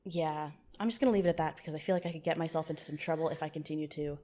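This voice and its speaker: A woman hosting a casual podcast interview, teasing her guest with a dry, deadpan wit. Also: low-pitched, very fast. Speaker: podcast host.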